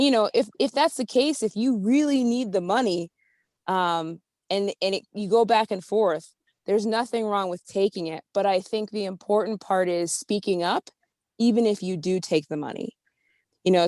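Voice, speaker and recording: A woman's voice: mid-range voice, normal speed, darkish tone, no room sound. A woman athlete on a video call, giving casual advice with some fillers. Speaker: athlete, webinar participant.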